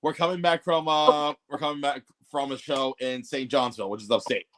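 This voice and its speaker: A man's voice: mid-range voice, fairly even intonation, a little fast, a bit bright. A man telling rambling, profane stories on a podcast, with lots of restarts. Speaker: podcast guest co-host. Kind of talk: casual storytelling chat.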